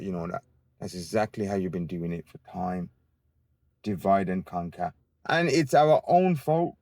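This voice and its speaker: This young man's mid-range voice is a little mellow, with no room sound. Interviewed on a city street outdoors, he launches into a combative, profane on-camera rant full of rhetorical questions, sarcastic asides, and mockery.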